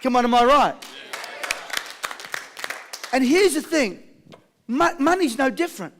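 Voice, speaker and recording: A motivational speaker leads a live seminar, energetically drawing call and response from the crowd and telling jokey stories. His voice is very high-pitched and his pace measured, with a little hiss or hum in the recording.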